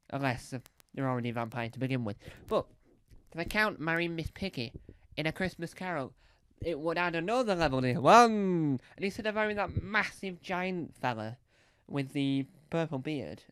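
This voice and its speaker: A man's voice: fairly high pitch, fairly bright tone, clean tone, dry recording, clean studio sound. A man doing a rambling, playful stand-up routine on a comedy club stage, with lots of fillers and restarts.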